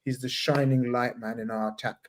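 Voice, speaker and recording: Easygoing male podcast panelist, casual football banter, relaxed talker. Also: mid-range voice, a little fast, noisy background. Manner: laid-back, says "man" and "you know what I mean" a lot.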